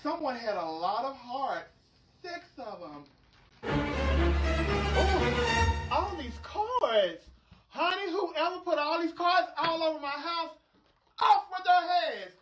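A woman's voice: high-pitched, lively intonation, takes it slowly, pauses often, far from the mic, loud music behind the voice. A woman playing Alicia, a sassy young woman lost in a strange world, exclaiming and calling everyone girl and honey in a comedy sketch. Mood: sassy, bewildered. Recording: roomy sound from off-mic with clear noise.

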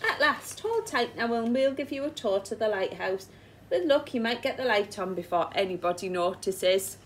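A loud, hearty coast guard man shouts reassurance, high and strong, as a woman reads him out. A kindly storybook rescuer with a booming, cheerful manner. Faint background noise hums behind him. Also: lively intonation, normal speed.

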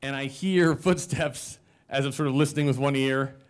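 A man in his forties telling a comic personal story live on stage, self-mocking, with animated quoted voices and audience laughter behind. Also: medium pitch, normal speed, clear, resonant tone.

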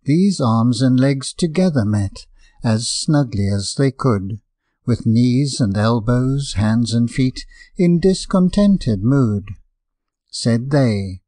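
A man reading rhyming fables as an audiobook narrator, in a measured, rhythmic verse delivery. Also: mid-range voice, lively intonation, mellow, no echo, clean studio sound.

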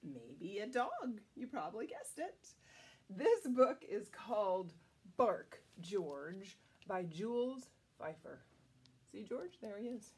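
A woman's voice: medium pitch, sing-song, slow, a little mellow, breathy edge. A woman reading a picture book aloud to children, playful and exclamatory in a sing-song manner. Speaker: children's storyteller. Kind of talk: storytime read-aloud for kids.

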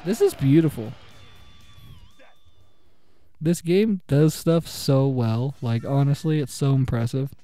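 A young man giving excitable, casual gameplay commentary, trash-talking the computer opponents and laughing often. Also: mid-range voice, slow pace, pauses often, no room sound, soft background music. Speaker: gaming channel host.

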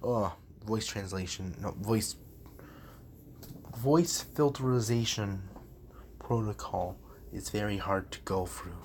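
A man's voice: fairly low pitch, slow pace, long pauses, slight background noise. A man rambling in a goofy, jokey way from his room while practicing on a language app. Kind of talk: casual rambling commentary.

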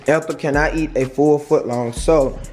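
A man's voice: fairly high pitch, fairly even intonation, moderate pace, a little mellow, a little hiss or hum. A man hosting a casual food vlog, teasing his partner and talking straight to viewers. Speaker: vlogger host.

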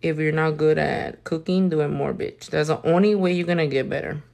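Brassy woman in her thirties, lower pitch, salty livestream banter. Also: fairly even intonation, a little fast, creaky, a little mellow. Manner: sassy, swears a lot, mixes in Spanish. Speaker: nail artist livestreaming. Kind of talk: casual livestream chat while working.

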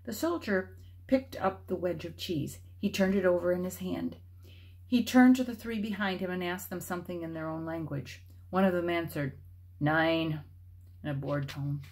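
A woman reads a children's novel aloud in a slightly low voice. Her reading is expressive and shifts with the story. It has the feel of a read-aloud meant for kids at home. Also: moderate pace. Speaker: storybook reader.

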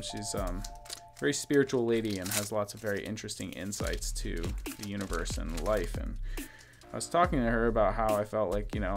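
A young man hosting a card-opening video and telling a personal story in a loose, relaxed way full of ums and likes. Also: lowish voice. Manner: rambling, relaxed, frequent fillers. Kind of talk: casual story time while opening cards. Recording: music playing clearly behind the voice.

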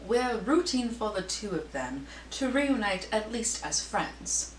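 A woman's voice: medium pitch, sing-song, slow, pitched above the performer's own voice. A woman voicing a gossipy female society columnist in a put-on British-style accent, with arch, theatrical delivery. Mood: arch gossip. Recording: roomy echo, distant mic, faint hum.

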